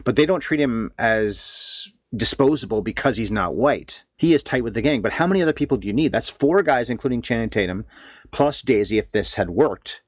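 A man co-hosting a casual film discussion, animated and blunt, with some swearing. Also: mid-range voice, fairly quick, no echo, highs cut off. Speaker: film podcast co-host.

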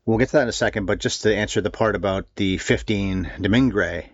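Low-voiced man in lively film talk. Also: quick pace, dry recording, dull audio. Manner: animated, swearing, restarts. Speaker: film podcast co-host. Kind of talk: casual film discussion.

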